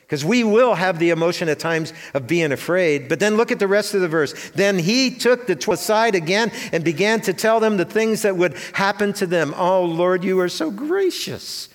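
Guy preaching a sermon, pretty high voice, big reverby church sound. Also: animated, normal speed. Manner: earnest, rhetorical questions to congregation. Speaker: pastor. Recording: long hall reverb.

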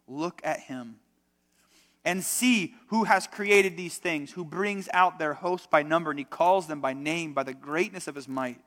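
A man's voice: fairly high pitch, fairly bright tone. Conversational male pastor in a reverberant hall. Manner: conversational, emphatic preaching with rhetorical questions. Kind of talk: sermon. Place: church sanctuary. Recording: long reverb of a church hall.

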